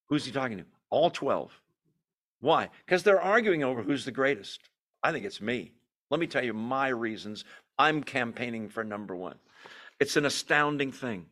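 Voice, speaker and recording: A man teaching a Bible study in a lively, joking, conversational way. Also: mid-range voice, normal speed.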